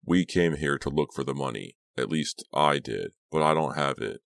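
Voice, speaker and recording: A man's voice: extremely low pitch, animated, normal speed, gravelly, no room sound, clean studio sound, heavily acted. A man reading a defensive teenage boy. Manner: protesting, muttering.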